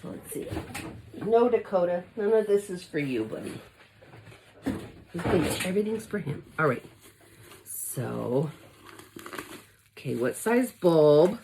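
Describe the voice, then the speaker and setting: Low-pitched and measured, with big pitch swings and long pauses, a Los Angeles-area product consultant vlogger gushes through an unboxing. Background noise is audible, and she speaks emotionally and directly to her viewers in excited chat.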